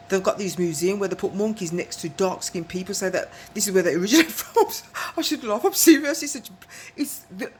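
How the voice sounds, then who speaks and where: A medium-pitched woman tells a long, rambling story to the camera, with slight background noise. It's a casual storytelling monologue in which she keeps asking if you follow and laughs between phrases.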